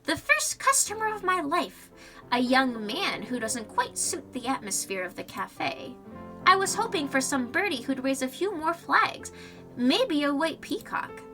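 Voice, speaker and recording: A young woman streaming a visual novel, high-pitched and lively, chatting in rambling asides. Her voice is bright. It sits back from the mic with faint music underneath. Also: measured pace, far from the mic.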